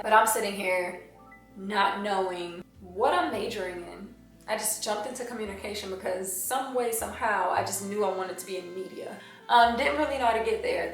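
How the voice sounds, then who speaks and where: Candid young woman, very echoey room. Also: mid-range voice. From Washington, D.C. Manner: candid, confessional, emotional. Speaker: vlogger sharing her testimony. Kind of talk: personal testimony, talking to camera. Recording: very echoey room, voice away from the mic, faint music.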